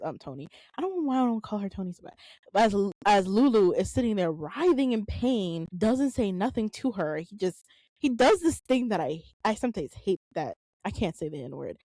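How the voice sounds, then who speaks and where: A woman's voice: lowish voice, a little mellow, no echo, low-quality recording. A woman co-hosting a film review show, chatting bluntly and expressively about a movie. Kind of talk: casual film recap chat.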